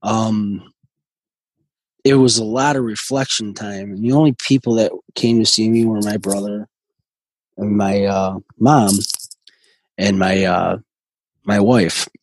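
Husky low-voiced man telling his story. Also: steady tone, darkish tone, dry recording, poor audio. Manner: halting, earnest, frequent restarts. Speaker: guest. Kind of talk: personal recovery story in conversation.

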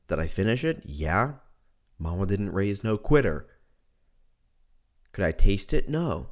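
Deep-voiced drunk, congested man rambling. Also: big pitch swings, measured pace, pauses often. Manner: rambling and profane. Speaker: podcast host. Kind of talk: casual solo monologue. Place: at home.

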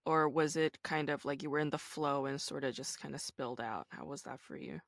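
A woman's voice: low voice, a little fast, creaky, no room sound, clean studio sound. A woman interviewing an author in a casual chat, enthusiastic and affirming as she reflects on the book.

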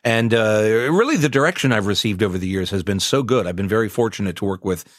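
A man in his sixties, a voice actor, chatting in an interview in a relaxed, self-mocking way and laughing often. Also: on the low side, fast talker, no room sound, clean studio sound. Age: 60s.

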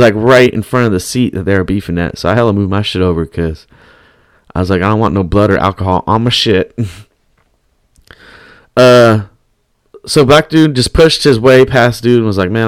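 A man's voice: medium pitch, no room sound. A man hosting a podcast, telling a story in profane, rambling casual chat. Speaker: podcast host.

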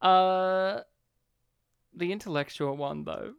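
High-voiced man, animated chat. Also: takes it slowly, clear, resonant tone, no echo, studio quality. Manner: animated, acts out movie lines in put-on voices. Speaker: podcast co-host. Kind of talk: casual film chat.

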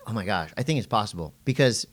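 A middle-aged man co-hosting a casual podcast, telling surf stories with animation and jumping into a high voice when he quotes people. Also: animated, fast. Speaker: podcast co-host and surf commentator.

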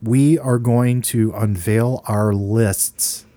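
A man's voice: lowish voice, steady tone, drawn-out words, warm tone, no room sound. A middle-aged man co-hosting a movie podcast, rambling and joking as he tells stories. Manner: rambling, joking, laid-back storyteller. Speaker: podcast co-host. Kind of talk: casual movie podcast chat.

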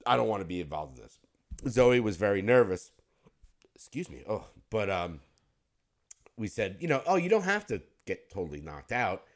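Guy cohosting a podcast, lowish voice that jumps all over, rambly and laughing, swears a lot. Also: sing-song, normal speed, long pauses. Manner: rambling, laughing storyteller, curses freely. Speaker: podcast co-host. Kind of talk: casual chat.

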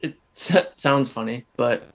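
A man's voice: mid-range voice, a little slow. A young man co-hosting a casual sports podcast, talking emphatically with frequent restarts. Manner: animated, restarts a lot, emphatic. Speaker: podcast co-host.

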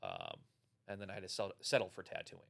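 A man's voice: deep voice, wildly swooping pitch, fairly quick, creaky, fairly bright tone, breathy edge. A man co-hosting a podcast, a tattoo artist in casual chat, easygoing and hesitant with ums and uhs.

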